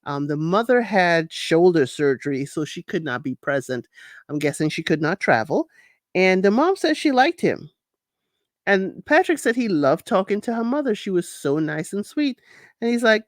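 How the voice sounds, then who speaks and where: A woman hosting a casual reality show recap, animated and laughing often, acting out quotes in high voices. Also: normal speed, dry recording, clean studio sound.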